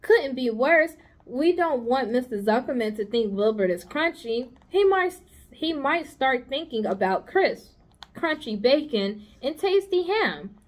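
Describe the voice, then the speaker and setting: A gentle, clever female spider from a storybook, as a woman reading aloud puts her on. She coaxes and gives orders kindly, with patience. Her voice sits high and lilts brightly. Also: expressive, unhurried. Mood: coaxing.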